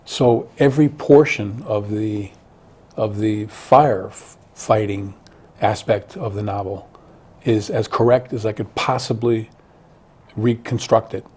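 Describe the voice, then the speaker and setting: A man talks through his novel in an interview with an earnest, searching manner, circling back and repeating words as he finds his thought. His voice sits warm and mellow with a husky edge. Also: lowish voice, takes it slowly. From Connecticut. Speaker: author guest. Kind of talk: interview conversation.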